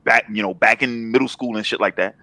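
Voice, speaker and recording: A man's voice: lowish voice, a little fast, pushed and bright, no room sound. A man in his thirties, a comic writer chatting as a guest in an interview, laid-back and slangy, often circling back to repeat himself as he builds a point. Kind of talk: casual interview chat.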